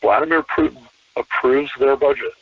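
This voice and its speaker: A man, a podcast guest, talking in an animated casual way with many restarts and repeated words. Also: medium pitch, moderate pace, slightly rough, no echo, distant mic. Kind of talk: casual conversation. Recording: tinny phone-line call.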